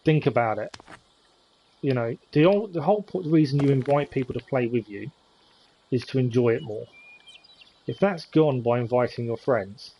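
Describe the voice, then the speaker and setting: A man's voice: medium pitch, lively intonation, moderate pace, long pauses, mellow, breathy edge, rough recording. A man chatting with viewers as he thinks aloud during a live-stream gameplay commentary.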